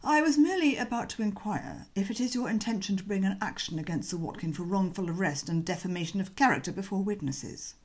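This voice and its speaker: A woman voicing a deferential male valet, calm and formal, with a measured, soft delivery in an audiobook reading. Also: mid-range voice, close to an everyday voice. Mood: unflappable.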